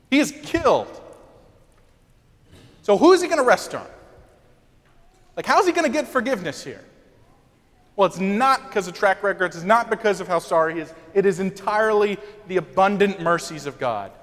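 A young man preaching a sermon from the pulpit, animated, with quick asides and acted-out quotes. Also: sits high. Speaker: pastor. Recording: long hall reverb.

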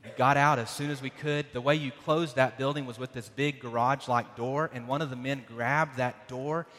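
A man preaching a sermon, telling a dramatic personal story with loud bursts and hushed passages. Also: medium pitch, steady tone, normal speed. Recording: long hall reverb.

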